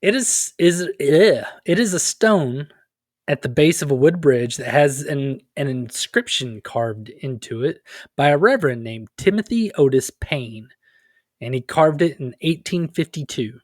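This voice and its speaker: Male podcast co-host, jokey and goofy, slightly high voice, dry sound. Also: lively intonation, measured pace, no echo. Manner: joking, laughs often, goofy asides. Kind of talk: casual chat.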